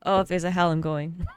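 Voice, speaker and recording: Giggling helplessly and teary from laughter, a woman streams a roleplay game in which she plays an HR rep, chatting live. Her voice is fairly low and clean, with no echo.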